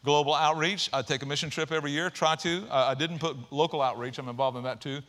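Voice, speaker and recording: A man preaching a sermon in church, energetic and conversational, with jokes and casual asides to the congregation. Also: on the high side, fast. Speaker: pastor.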